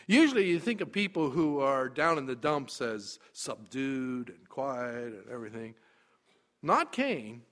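A man preaching a sermon, emphatic, dropping quiet and then rising loud. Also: a little high.

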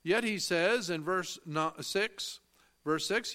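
A man with a high, sharp voice preaches a sermon, reading scripture aloud in old-fashioned wording and explaining it. He speaks slowly and emphatically, stressing key phrases and posing questions to his listeners before answering them himself.

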